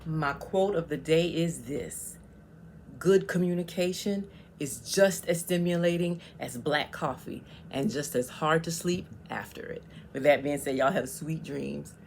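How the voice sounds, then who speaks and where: A woman's voice: low-pitched, a little slow, creaky, a little mellow, slight background noise. A woman vlogger giving casual, emphatic advice on communication, often checking in with "okay?".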